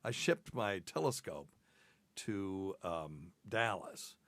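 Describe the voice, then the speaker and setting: A man's voice: sits low, lively intonation, slow pace, a bit bright, no echo. A man hosting a podcast as a doctor, telling a rambling, self-deprecating story in casual chat and laughing at himself.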